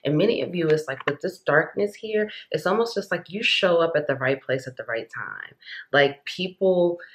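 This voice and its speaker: A woman's voice: deep voice, lively intonation, normal speed. A woman giving a pick-a-card tarot reading, talking in an earnest, rambling, encouraging way with many "like"s. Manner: earnest, rambling, heavy use of "like"; passionate, encouraging. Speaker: tarot reader.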